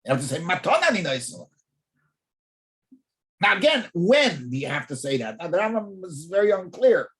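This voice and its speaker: Rabbi giving a Talmud class, pitch leaps around a lot, stammers words while thinking. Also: male voice, moderate pace, pauses often. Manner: animated, repeats words while thinking, poses rhetorical questions. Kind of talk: in-depth Torah class.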